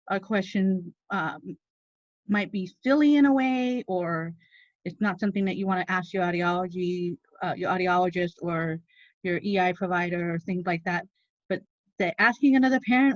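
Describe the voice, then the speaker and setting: A woman's voice: medium pitch, normal speed, no echo. Earnest woman hosting an online meeting. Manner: emotional, earnest. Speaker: meeting host. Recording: dull dry lo-fi audio.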